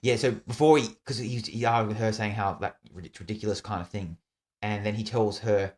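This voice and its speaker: A man talks fast and loosely on a book podcast, stacking restarts and fillers. His voice sits on the low side. He sounds like he is in a relaxed conversation. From Australia. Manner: rambling, full of restarts and "like". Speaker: podcast co-host. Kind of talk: casual book discussion.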